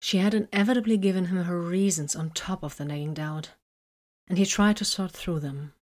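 A woman reading romantic fiction aloud in a soft, breathy voice that often drops near a whisper. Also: fairly low pitch, steady tone, moderate pace. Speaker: narrator.

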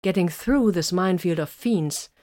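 A woman reading a science fiction story aloud in an even, measured narration. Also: fairly low pitch. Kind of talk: scripted narration of sci-fi fiction.

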